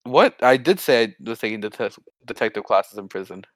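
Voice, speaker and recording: A podcast guest laughing a lot and talking in animated bursts in an improvised comedy chat. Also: medium pitch, brisk, dry recording.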